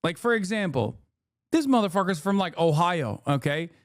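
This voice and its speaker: A man's voice: high voice, sing-song, normal speed, dry recording, clean studio sound. A man reacting to a news clip as a streamer, talking in a heated, sarcastic and profane way. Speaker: streamer commentator.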